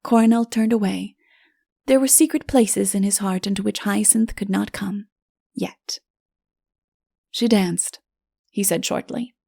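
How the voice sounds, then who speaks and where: A woman reading a comic fairy tale audiobook in a gentle, measured, softly spoken way. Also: mid-range voice, steady tone, creaky, no room sound, clean studio sound. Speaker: audiobook narrator. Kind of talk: scripted storybook narration.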